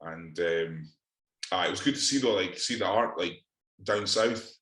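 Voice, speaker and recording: A man's voice: deep voice, a little slow, a bit bright, reverberant, poor audio. A Scottish man co-hosting a podcast, chatting casually in a sweary, exasperated, rambling way. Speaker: podcast co-host. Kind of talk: casual chat.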